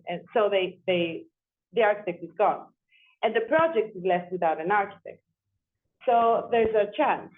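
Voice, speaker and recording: A woman architect telling a story in an interview, animated, often repeating and restarting her words. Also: medium pitch. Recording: tinny phone-like sound.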